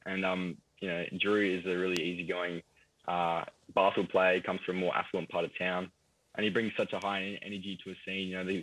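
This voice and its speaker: A man's voice: low voice, a little hiss or hum, poor audio. A young Australian man with an Australian accent, chatting easily as an actor guest in a TV interview, laughing often. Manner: easygoing, laughs often, relaxed fillers. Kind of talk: casual TV interview.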